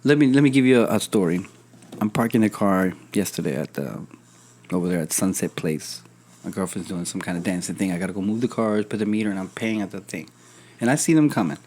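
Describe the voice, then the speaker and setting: A young man hosting a casual podcast chat, telling lively stories and swearing casually. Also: low-pitched, brisk. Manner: animated storyteller, acts out quoted voices, swears casually. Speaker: podcast host.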